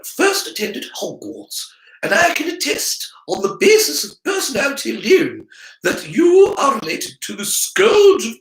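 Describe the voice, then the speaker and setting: A man's voice: extremely high pitch, a bit bright, echoey room, pitched above the performer's own voice, heavily acted, low-quality recording. A man voicing a strict older witch professor with a precise, clipped Scottish accent. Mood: exasperated.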